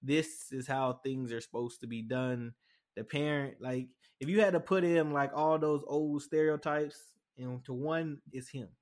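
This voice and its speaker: A man's voice: mid-range voice, unhurried. A young man in casual chat, telling a story bluntly and acting out the voices he quotes. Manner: animated, acts out quoted voices; blunt, frank.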